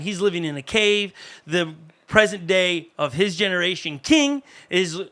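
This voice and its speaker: Pastor guy preaching, chatty and animated, high bright voice, talks right to the people in the room. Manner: conversational, animated preaching with asides to the congregation. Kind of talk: sermon.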